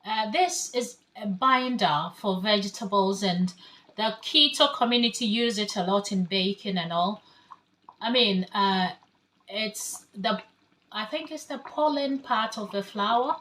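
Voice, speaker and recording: Slow-paced chatty woman cooking. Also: mid-range voice, a bit bright, slight background noise. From Ghana. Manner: chatty, talks through each step as she cooks. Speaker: home cook. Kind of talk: casual cooking demonstration. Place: home kitchen.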